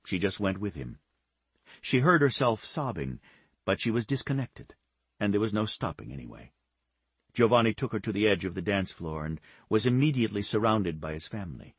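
A man narrates a romance novel in a steady, measured delivery. His voice sits low with a husky grain. The close mic gives a dry, intimate sound. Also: no echo. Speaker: audiobook narrator.

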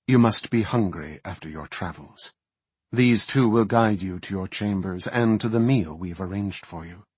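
A man voicing a calm, gracious female elf high priestess who speaks politely and formally. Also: normal speed, breathy edge, no room sound.

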